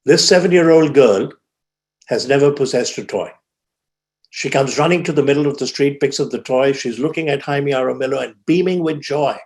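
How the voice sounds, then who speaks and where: A man speaking at a conference, telling a moving story with dramatic swings in pitch and loudness. He slows down for emphasis and lifts his voice when he quotes others. He has an ordinary mid-range voice. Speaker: symposium speaker. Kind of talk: storytelling keynote speech. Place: conference hall.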